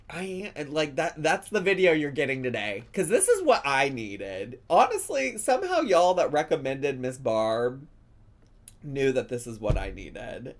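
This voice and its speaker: A man's voice: mid-range voice, slight background noise. A man hosting a casual reaction video, chatty and emotional, swearing freely. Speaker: YouTube host reacting to a video.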